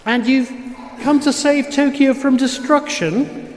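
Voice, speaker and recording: A man's voice: very high-pitched, fairly even intonation, slow, voice pushed up. A man voicing a skinny, nervous male bank clerk who stammers out anxious questions, in a room with a long echo. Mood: uneasy. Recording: roomy with long reverb, faint noise.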